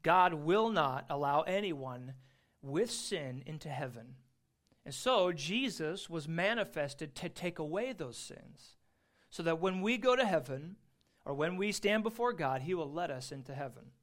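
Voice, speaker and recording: A man teaching an adult Bible class, earnest and emphatic, slowing down to stress key phrases. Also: a little high, animated, fairly bright tone.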